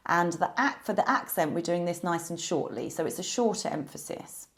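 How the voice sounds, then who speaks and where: A woman with a slightly low voice teaches a beginner piano lesson. She walks through each symbol patiently, step by step, and explains it plainly. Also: expressive, normal speed. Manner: patient, explains clearly with examples.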